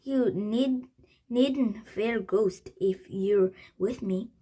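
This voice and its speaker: A woman voicing a jovial, confident young male magician in a storybook, speaking reassuringly at a slow, halting pace. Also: medium pitch, warm tone, slightly rough.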